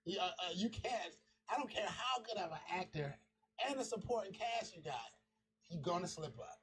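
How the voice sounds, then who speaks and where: A man's voice: sits high, expressive, moderate pace. A man on a podcast in casual chat, telling stories in loose slang and laughing often. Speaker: podcast host.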